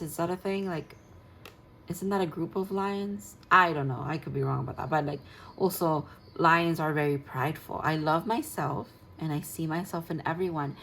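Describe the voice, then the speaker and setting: Low-pitched woman tarot reader, dreamy and gushing, loose rambling reading, faint hum behind. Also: rough recording. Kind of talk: casual spoken tarot reading.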